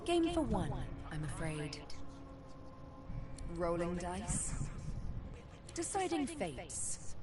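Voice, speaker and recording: A woman's voice: lowish voice, big pitch swings, very slow, long pauses, music in the background, full character voice. A woman voicing a sly, teasing female elf who reads the past, in a playful, purring manner.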